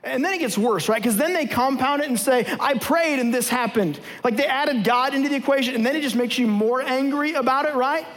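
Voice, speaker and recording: A man's voice: very high-pitched, quick pace, few pauses, fairly bright tone. A man giving a sermon as a guest preacher, humorous and conversational, playfully acting out everyday scenes for his audience. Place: large church hall with live audience. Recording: long hall reverb.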